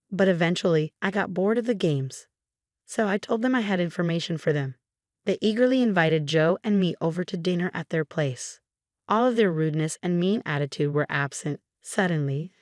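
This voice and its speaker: A woman narrating a first-person story in a steady, matter-of-fact way. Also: fairly low pitch, dry recording, studio quality.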